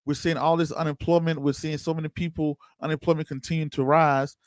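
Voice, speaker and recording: A man's voice: a little high, little pitch movement, fairly quick, dry recording. Casual male livestream host, dry mic. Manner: loose, conversational, chats with viewers by name. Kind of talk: casual livestream commentary reading chat.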